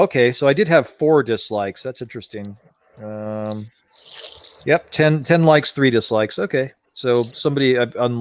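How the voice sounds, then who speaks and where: A man's voice: medium pitch, no room sound. A man hosting a casual chat, ranting in an exasperated way and swearing freely. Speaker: podcast host.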